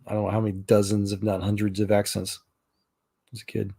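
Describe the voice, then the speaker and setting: A man's voice: fairly low pitch, monotone, fairly quick, gravelly, dark tone, husky. A middle-aged man from Texas telling rambling stories in a casual chat, with many fillers and restarts. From Texas, USA. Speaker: chat room participant.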